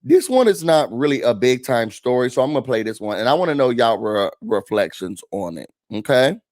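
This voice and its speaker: Animated man with a lively pitch. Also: fairly quick, dry recording. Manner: animated, talks straight to viewers, acts out quotes. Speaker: show host. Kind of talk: casual hot-topics commentary.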